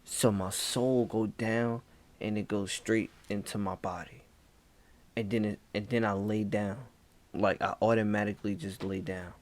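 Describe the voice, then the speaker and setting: A man telling a spooky story in a laid-back, hushed casual way, dropping "bro" often. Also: lowish voice, level tone, measured pace. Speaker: vlogger.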